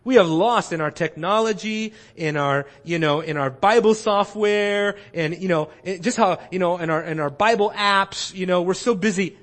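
A man preaches to his church in a fairly high voice. He drives his points home with rising emphasis and repeated lines, swinging between quiet stress and loud appeals. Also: moderate pace, few pauses. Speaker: pastor. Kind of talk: sermon.

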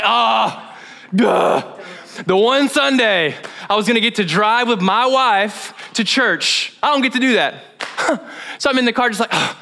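A young male pastor preaching in a church, with a slightly high, bright voice. He tells his stories casually and jokes at his own expense, acting out the voices in them. The sermon stays loose and conversational. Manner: casual, joking storytelling with laughs and acted-out inner dialogue.

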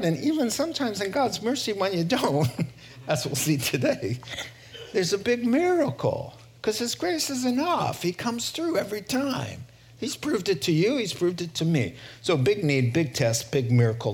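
A male pastor preaching a sermon, a lively storyteller who often chuckles and swings between quick asides and slow, weighty phrases. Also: a little high.

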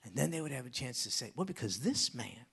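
A man preaching a sermon, swinging from loud emphatic bursts to hushed whispers. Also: medium pitch, sing-song, quick pace, creaky, slightly rough.

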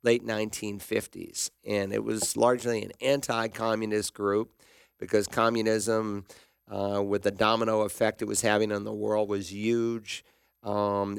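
A man's voice: lowish voice, gravelly, clear, resonant tone, dry recording, clean studio sound. A man hosting a Bible call-in radio show, talking in an opinionated, conversational way with frequent fillers.

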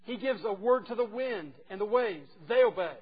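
A man preaching a sermon, emphatic and teasing, swinging from quiet asides to loud declarations. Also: high voice, animated, moderate pace, husky. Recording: dull lo-fi recording with faint noise.

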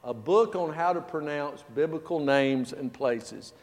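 Pastor telling a story, echoing church hall. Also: male voice, a little high, unhurried. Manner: storytelling, swinging from loud stress to hushed, soft delivery. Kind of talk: sermon with personal storytelling. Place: church sanctuary. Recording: long reverb of a church hall.

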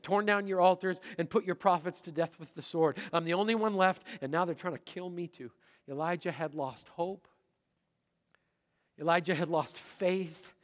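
A middle-aged man preaching a sermon, dramatic, voicing inner thoughts aloud and swinging from loud to hushed. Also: sits high. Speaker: pastor. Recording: hall reverb.

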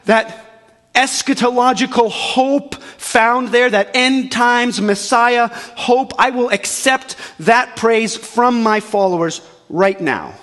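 A man preaching a sermon as a pastor, animated and full of restarts, acting out the voices of the people he quotes. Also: extremely high pitch, long reverb tail. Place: church auditorium.

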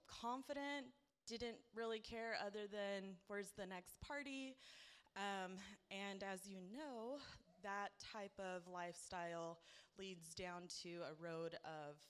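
A woman's voice: medium pitch, slow, clean tone. A woman giving a heartfelt personal testimony at church, speaking earnestly and building to emphatic praise.

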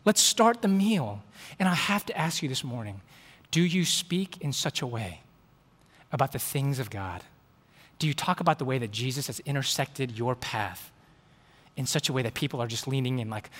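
A man preaching a sermon with storytelling, animated and acting out the dialogue in his stories. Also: medium pitch, normal speed. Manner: animated, acts out quoted dialogue. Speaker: pastor. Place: church sanctuary. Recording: reverberant hall.

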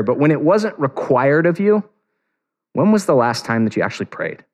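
A man's voice: mid-range voice, fairly quick. Man preaching in a reverberant hall. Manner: conversational, animated storytelling with frequent restarts. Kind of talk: sermon. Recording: long reverb of a large hall.

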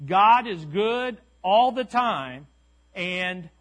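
A man's voice: high-pitched, animated, a bit bright. A man preaching a sermon, emphatic and repetitive, calling out to the congregation. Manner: emphatic, repeats key lines slowly; calls to the congregation. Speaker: pastor.

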